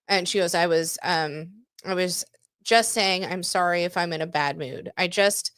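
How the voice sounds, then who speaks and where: A woman in her forties co-hosts a podcast, chatting candidly and casually, swearing freely and laughing often. Her voice sits on the low side with a fairly bright, clear and resonant tone, recorded in a clean studio with no room sound.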